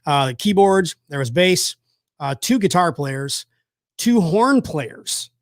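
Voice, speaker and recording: Guy rambling happily on a chat show, kinda high voice, dry sound. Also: expressive, takes it slowly, dry recording. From South Georgia, USA. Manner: rambling, enthusiastic storytelling with many fillers. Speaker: host. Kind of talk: casual chat.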